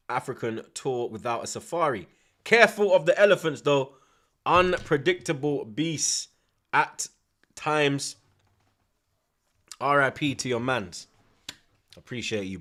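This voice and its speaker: A young man, reacting loudly to a live football match and chatting to his stream's viewers, swearing and laughing often in heavy slang. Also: medium pitch. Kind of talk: live watchalong commentary and chat.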